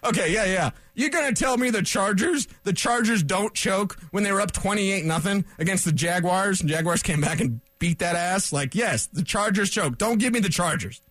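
A high-pitched male sports radio host ranting solo into a studio mic. He is fired up and loud, piling on tangents and sarcastic asides, and the sound is dry and close. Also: lively intonation, moderate pace, hardly any pauses, no room sound.

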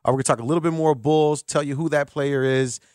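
A man hosting a sports talk radio show, lively and joking, speaking from a radio studio. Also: a little high, fast talker, no room sound. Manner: lively, joking, does voices to mock.

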